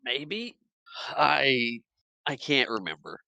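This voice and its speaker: A man's voice: medium pitch, big pitch swings, takes it slowly, gravelly, bright, forceful tone, clear, resonant tone, no echo. A man co-hosting a movie podcast who laughs often and playfully disagrees. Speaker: podcast co-host. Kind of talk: casual movie chat.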